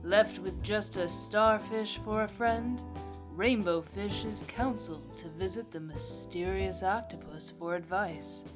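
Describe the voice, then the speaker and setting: A woman voicing a smooth, cool female radio DJ as she reads a book summary aloud. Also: medium pitch, a little slow, music in the background, natural voice. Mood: cool, laid-back.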